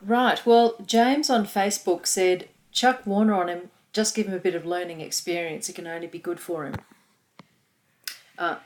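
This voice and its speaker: A woman's voice: fairly low pitch, steady tone, normal speed, a little mellow. A woman with an Australian accent co-hosting a sports podcast, reading listener comments with enthusiasm. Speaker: podcast co-host. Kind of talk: casual sports chat.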